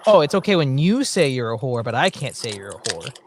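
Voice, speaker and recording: A man's voice: mid-range voice, big pitch swings, brisk, a little hiss or hum. A man hosting a casual podcast chat, joking in a mock-preachy way. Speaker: podcast host.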